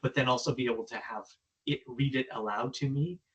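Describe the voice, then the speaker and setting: A man presenting, explaining his demo in a relaxed, casual way. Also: mid-range voice, fairly quick, husky, dull audio.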